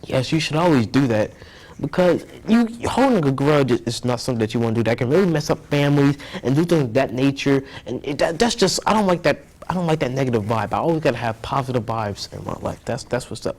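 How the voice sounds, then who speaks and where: A man's voice: medium pitch, animated, fast, darkish tone. A young man telling a story as an interview guest, rambling and earnest, often repeating himself.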